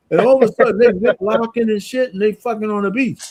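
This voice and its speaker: Podcast co-host, male, high voice, expressive anecdote teller, loose and profane. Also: fast talker. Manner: animated storyteller, swears freely. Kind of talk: casual chat.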